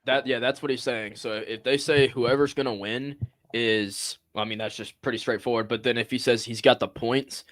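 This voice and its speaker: A man's voice: mid-range voice, steady tone, normal speed, fairly bright tone, slight background noise. A man co-hosting sports talk radio, explaining things in a hesitant way and repeating himself.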